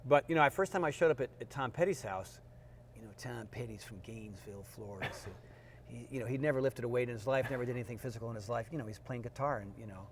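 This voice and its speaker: A middle-aged man, a fitness trainer, telling lively stories in an interview and acting out the people in them. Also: medium pitch, fast talker. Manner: animated storyteller, acts out quotes in funny voices. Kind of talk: storytelling interview. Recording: faint background noise.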